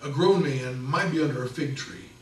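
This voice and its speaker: A middle-aged man preaching a sermon as pastor, conversational and animated, acting out the people in his stories. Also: mid-range voice, moderate pace, a little hiss or hum. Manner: conversational, animated storytelling with acted quotes. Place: church sanctuary. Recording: echoey church from a distance.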